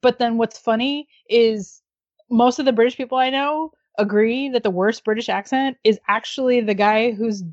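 A woman's voice: on the high side, moderate pace, no echo. Easygoing woman co-hosting a chatty podcast, dry muffled lo-fi audio. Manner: relaxed, agreeable, many short backchannels. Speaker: podcast co-host. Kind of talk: casual chat about a TV series. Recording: dull lo-fi dry sound.

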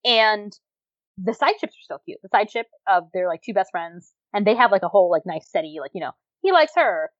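A woman co-hosting a podcast in casual chat, animated, with lots of fillers and frequent laughter. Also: medium pitch, fairly quick, no echo, muffled recording. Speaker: podcast co-host reviewing dramas.

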